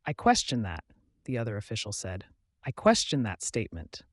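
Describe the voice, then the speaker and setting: A man's voice: on the low side, huge pitch swings, normal speed, no echo, studio quality, pitched below the performer's own voice. A man voicing a pedantic, argumentative male official in an audiobook, insistent and formal.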